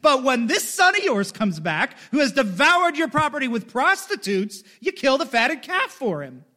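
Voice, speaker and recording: A man reading aloud as an indignant elder son, complaining loudly. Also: very high voice, very animated, moderate pace, voice pushed up, full character voice. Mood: resentful.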